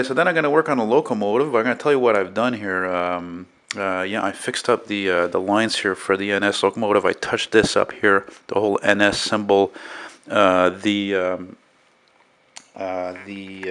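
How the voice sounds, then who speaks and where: Low-voiced rambling man vlogging from home. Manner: rambling, profane, relaxed. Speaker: artist vlogger. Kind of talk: casual vlog about his painting. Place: at home beside a window.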